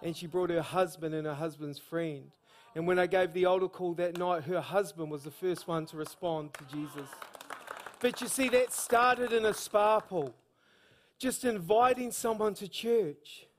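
A man preaching a sermon in a church service, telling stories in a lively, slangy, evangelistic way. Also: high voice, normal speed. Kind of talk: sermon storytelling.

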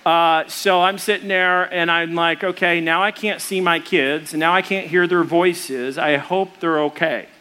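Bright, high-voiced male preacher. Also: a little slow, hardly any pauses, smooth. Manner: animated, acts out the voices in his story; conversational, with fillers and restarts. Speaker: pastor. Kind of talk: storytelling sermon.

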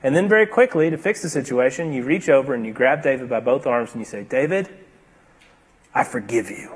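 A man preaching a sermon, moving between emphatic, raised passages and hushed, slow, deliberate ones. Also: mid-range voice, slight background noise. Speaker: pastor.

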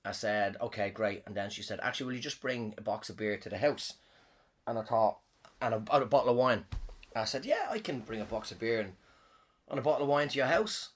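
A man's voice: on the low side, lively intonation, a little fast, breathy edge. Rambling, foul-mouthed man telling a story. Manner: rambling, swears a lot, trails off and restarts. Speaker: comedian and podcast host. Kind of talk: casual storytelling.

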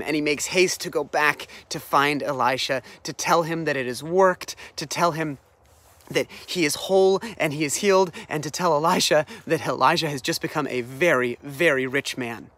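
A man preaching, retelling a scripture story with lively, animated energy. His voice sits a little high for a man, and he doubles back on words as he builds each scene. It is a conversational sermon delivery rather than a formal reading. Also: no echo. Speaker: pastor.

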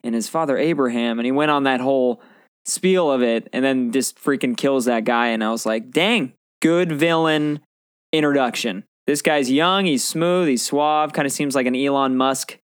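A man's voice: medium pitch, moderate pace, clean tone, no echo, studio quality. A man co-hosting a casual movie chat, joking, laughing often and acting out lines from the film. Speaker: podcast co-host.

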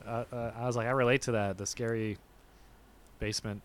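A young man co-hosting a podcast, telling animated stories in casual chat and acting out quotes with sudden yelps. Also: mid-range voice, a little fast, no room sound. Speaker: podcast co-host.

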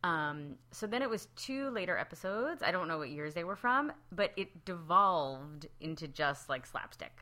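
A woman in her thirties co-hosting a casual podcast chat, animated and quick to act out what others said. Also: fairly low pitch. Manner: animated, acts out quotes in raised voices. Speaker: podcast co-host.

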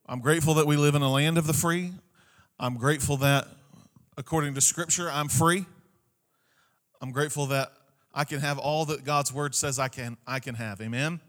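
A man's voice: on the high side, steady tone, normal speed, a bit bright. A male pastor preaching a sermon, repeating key phrases and often checking in with "Amen?" to the congregation.

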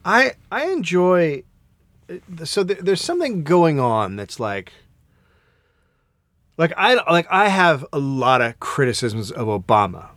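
A man co-hosting a podcast in casual comedic chat, profane and quick to mock other people's voices. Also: on the high side, dry recording. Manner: profane, animated, mocks voices in quotes. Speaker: podcast co-host.

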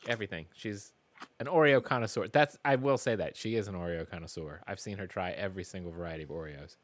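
A man's voice: sits low, fast talker, slight background noise. A man co-hosting a podcast in casual chat, teasing, playful and opinionated. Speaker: podcast co-host.

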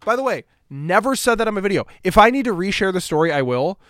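A man's voice: high-pitched, lively intonation, quick pace, hardly any pauses, fairly bright tone, no echo, clean studio sound. A man hosting his own podcast, ranting bluntly and mockingly, with plenty of profanity. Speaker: podcast host. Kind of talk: casual podcast monologue.

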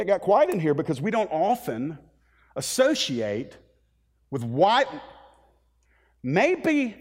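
A man preaching a sermon as pastor, animated, dropping to a hush and then rising to loud, pleading lines. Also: a little high. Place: church sanctuary.

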